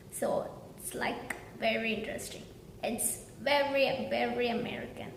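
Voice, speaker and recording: A woman's voice: on the high side, fairly even intonation. Woman tutor, earnest pronunciation lesson, reverberant room with a faint hum. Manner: earnest, slow demonstrating of example words. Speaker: English pronunciation teacher.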